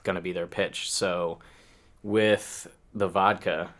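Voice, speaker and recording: A man's voice: sits low, steady tone, takes it slowly, a bit bright. A man, a company co-founder, answering interview questions casually and unhurriedly, with many fillers.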